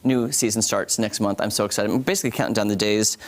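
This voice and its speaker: A man's voice: fairly low pitch, quick pace. A man reviewing TV shows on a morning show, chatty and talking straight to viewers. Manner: chatty, animated, addresses viewers as guys. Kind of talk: casual TV review.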